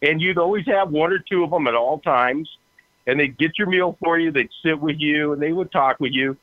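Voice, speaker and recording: A man's voice: on the high side, fairly quick, dry recording. A man telling stories in a casual way, laughing and acting out the other voices. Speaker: guest. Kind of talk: casual storytelling. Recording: tinny phone line, dry.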